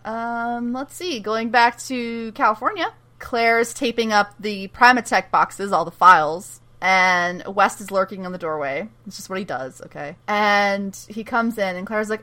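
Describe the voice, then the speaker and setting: A woman with a bright, forceful voice chats casually as a podcast co-host. She recaps a show with animated retellings and quoted dialogue, laughing often. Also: medium pitch, a little slow, few pauses. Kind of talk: casual chat.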